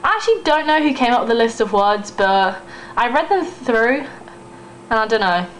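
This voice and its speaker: A woman's voice: on the high side, expressive, normal speed, a little hiss or hum, low-quality recording. Chatty East Midlands woman vlogging. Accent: East Midlands English. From Northamptonshire, England. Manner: chatty, giggly, rambling with fillers. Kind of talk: casual vlog talk, reading a word list.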